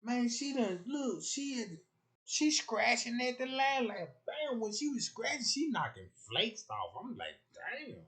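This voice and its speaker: A man's voice: very high voice, big pitch swings, a little slow, bright, forceful tone. A young man, rambling loosely on a casual livestream and acting out the voices he quotes.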